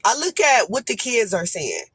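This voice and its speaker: Ranting African American woman, bright voice. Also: medium pitch, wildly swooping pitch, moderate pace, husky, dry recording. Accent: African American English. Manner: blunt, profane, rambling with restarts. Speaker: panel guest on a live stream. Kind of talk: heated live-stream rant.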